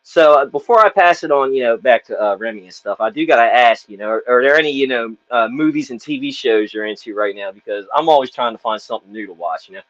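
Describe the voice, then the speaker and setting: A man's voice: medium pitch, fast talker, few pauses, a bit bright, no room sound. A man interviewing a guest in casual chat, rambling with lots of "you know" fillers. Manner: rambling, fills with "you know what I mean". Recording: dull dry lo-fi audio.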